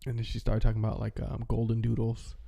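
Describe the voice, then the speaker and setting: Male vlogger, casual rambling chat, very gravelly, dark and mellow. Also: lowish voice, completely flat delivery. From American Midwest. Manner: rambling, halting, with many fillers and restarts. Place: home, with his dog nearby.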